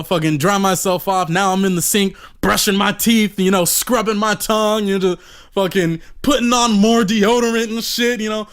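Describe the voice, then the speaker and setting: A man's voice: high-pitched, fairly bright tone, clear, resonant tone. A man telling a rambling, profane story on a podcast in a casual way, full of "you know" fillers.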